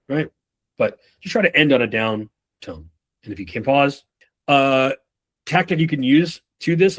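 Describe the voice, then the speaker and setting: Profane, casual male sales trainer. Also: mid-range voice. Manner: loose and profane, acts out customers and reps in quick bits.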